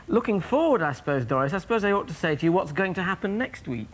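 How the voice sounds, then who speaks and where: A man hosting a live daytime magazine show from a TV studio, jovial and quick to laugh. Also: high-pitched, very animated. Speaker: studio host.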